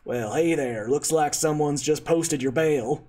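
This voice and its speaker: A man's voice: on the high side, a little slow, heavy background noise, close to an everyday voice. A man doing a Texan-drawling dwarf sergeant. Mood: folksy. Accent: Texan (put on). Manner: folksy, drawling. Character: stout red-bearded male dwarf sergeant with Texan drawl.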